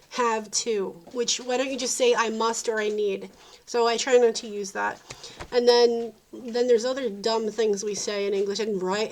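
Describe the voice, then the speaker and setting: A woman from the South Jersey and Philadelphia area in a rambling, opinionated vlog monologue, often calling things dumb. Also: on the high side. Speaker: vlogger.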